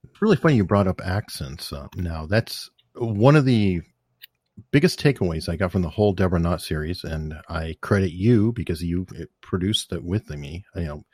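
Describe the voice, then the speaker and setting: A man hosting a casual interview, easygoing and reflective as he talks. His voice sits very low, and the sound is dry and close to the mic. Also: expressive, moderate pace, darkish tone, breathy edge, no echo.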